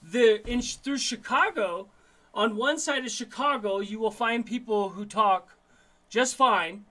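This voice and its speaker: A man from Denver, Colorado hosts a livestream over a video call, chatting casually in slang and often repeating and restarting his words. His voice is high-pitched, bright and forceful, at a measured pace.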